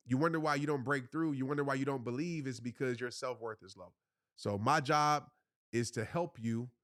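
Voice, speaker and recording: A man's voice: medium pitch, fairly bright tone, no room sound, clean studio sound. A man in his thirties, a motivational speaker giving earnest, casual answers to viewers on a live stream, repeating his points and calling them y'all.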